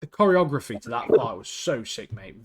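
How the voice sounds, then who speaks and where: A man's voice: medium pitch, sing-song, fairly quick, crowd noise. A man co-hosting a casual podcast. He talks bluntly and gives strong opinions, dropping "mate" at the end of many lines. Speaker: podcast co-host. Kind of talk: casual chat reviewing a TV show.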